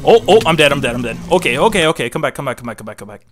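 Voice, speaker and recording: A man giving excited gameplay commentary, repeating phrases rapidly under pressure. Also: medium pitch. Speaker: gameplay channel host. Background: loud background music.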